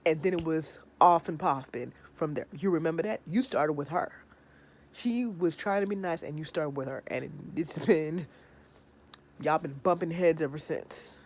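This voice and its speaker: A woman in her thirties with a slightly low voice chats through a reality show episode. She is sassy and animated and sounds tired, as if talking late at night. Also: moderate pace, slight background noise. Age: 30s. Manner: sassy, animated, acts out the people she discusses. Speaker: reality TV recapper. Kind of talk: casual episode review.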